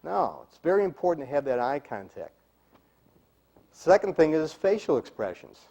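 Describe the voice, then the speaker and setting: A middle-aged man with a mellow, warm voice coaches a room of listeners on speaking skills. He talks emphatically, stressing key words and showing each point by example. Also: fairly high pitch, big pitch swings, moderate pace, muffled recording. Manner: emphatic, demonstrates delivery, drops to a whisper for effect. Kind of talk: live seminar talk to a group.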